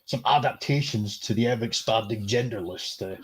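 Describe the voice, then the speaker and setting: A man's voice: on the low side, brisk, slightly rough. A man co-hosting a casual stream chat, speaking sarcastically. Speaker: stream co-host.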